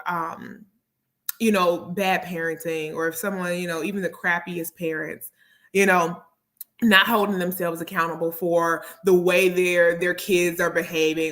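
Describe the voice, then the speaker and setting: A therapist and speaker hosts a motivational talk show, speaking earnestly and repeating key phrases for emphasis. Her voice is lowish, at a normal speed.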